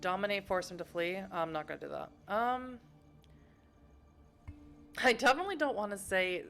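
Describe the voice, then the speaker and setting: A woman's voice: lowish voice, lively intonation, moderate pace, long pauses, fairly bright tone, soft background music. A young woman streaming a narrative game, reading its text aloud and chatting with her viewers between passages.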